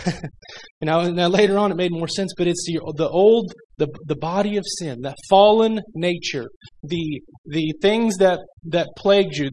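A man's voice: sits high, poor audio. Man teaching a church Bible class. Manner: conversational, jokey, reads scripture aloud.

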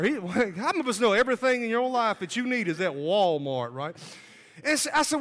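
A man with a very high, bright, lively voice preaches his testimony, swinging from hushed asides to shouted peaks. The sound rings with a long hall reverb. He jokes and storytells as he goes. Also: brisk. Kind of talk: sermon testimony.

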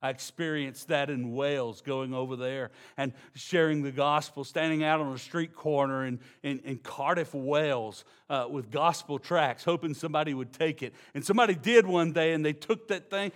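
Preaching with a Texan accent, this fairly high-pitched pastor slows down and hushes his voice for emphasis before swelling into loud, excited storytelling in his sermon.

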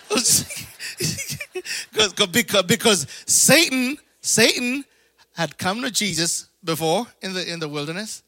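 A man with a high, bright voice preaches with lots of energy and calls out to his congregation for amens. He slips into quick put-on voices and laughs along the way. The sound is dry and close. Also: big pitch swings, no room sound. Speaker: pastor. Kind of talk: sermon.

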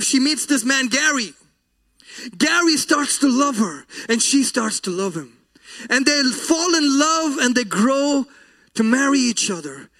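A man's voice: very high-pitched, fairly bright tone. A man preaching a sermon, telling a story in an earnest, emotional way. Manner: earnest, emotional, slow deliberate delivery.

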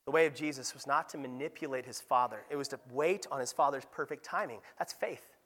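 A male pastor delivering a conversational sermon, often tagging his points with "right?" and acting out little voices and beeping sounds. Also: brisk. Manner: lively, conversational preaching with frequent "right?" asides; acts out voices and sound effects with a raised pitch.

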